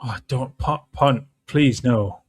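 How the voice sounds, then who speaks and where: A man's voice: medium pitch, slow, slightly rough. A man co-hosting a football watchalong, adding short reactive comments. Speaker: co-host of a football watchalong stream. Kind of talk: casual live match chat.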